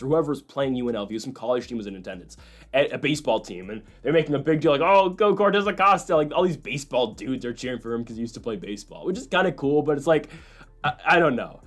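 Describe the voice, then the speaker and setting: Young guy casually talking fight picks, rambly, lots of um and like, kinda higher voice. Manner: rambling, fast, full of fillers and asides. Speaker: host making fight predictions. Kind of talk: casual commentary.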